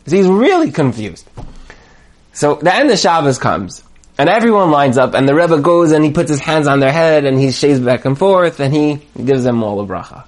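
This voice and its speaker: A man telling a story in a lively, casual way, acting out the voices of the people in it. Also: a little high, normal speed. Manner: lively, acts out dialogue voices. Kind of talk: animated storytelling.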